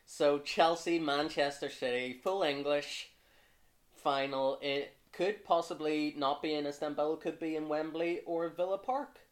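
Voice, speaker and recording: Male podcast host, slightly raised pitch, relaxed chatty delivery with fillers and swearing. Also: a little slow. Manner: relaxed, lots of fillers, swears when annoyed. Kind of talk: casual football podcast chat.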